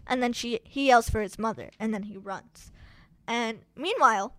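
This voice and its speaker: A woman casually recapping a film plot in chatty, animated storytelling. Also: on the high side, normal speed, dry recording.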